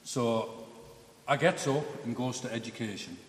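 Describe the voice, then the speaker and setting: A man's voice: medium pitch, measured pace, big-room sound. A man giving a personal testimony in a chatty, blunt, self-mocking storytelling way.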